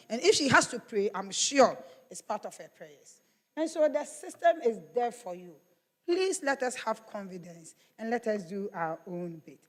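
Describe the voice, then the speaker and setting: A woman professor speaks to students in a big hall, her fairly high voice carrying a long reverb. She urges them earnestly and comes back to the same appeals again and again. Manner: earnest, urging and repetitive. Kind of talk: public speech at a workshop. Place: large lecture hall.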